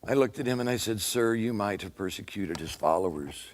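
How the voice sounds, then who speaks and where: Male actor for a haunted Roman centurion recounting his past in a low, earnest voice; solemn dramatic monologue. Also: animated, brisk, a little hiss or hum, close to an everyday voice. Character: remorseful Roman centurion, middle-aged man, haunted. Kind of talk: dramatic first-person monologue.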